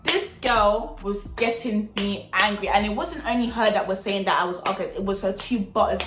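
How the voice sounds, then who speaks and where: A young woman telling a storytime vlog in an animated, slangy, chatty way. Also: medium pitch, moderate pace, roomy sound, noisy background. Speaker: vlogger.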